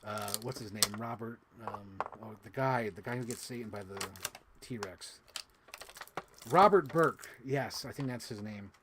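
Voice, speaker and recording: A man chatting casually as a toy collector vlogger, rambling with lots of fillers and casual swearing, and bursting into high-pitched gushing excitement. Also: measured pace, background noise. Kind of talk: casual unboxing chat.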